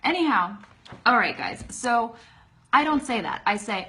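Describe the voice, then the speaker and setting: A woman's voice: a little high, expressive, normal speed, sharp tone. Chatty Californian woman teaching English live. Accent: Californian American English. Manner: chatty and informal, lots of fillers and self-corrections; voice rises and falls, stresses certain words. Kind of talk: live-streamed English lesson. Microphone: phone.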